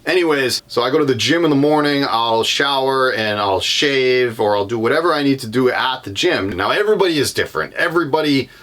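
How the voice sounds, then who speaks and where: A man's voice: medium pitch, expressive, fairly quick, hardly any pauses, fairly bright tone. A young man with a Boston accent, casually walking through his van on a vlog, rambling with lots of ums and self-corrections. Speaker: van life vlogger. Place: inside a van.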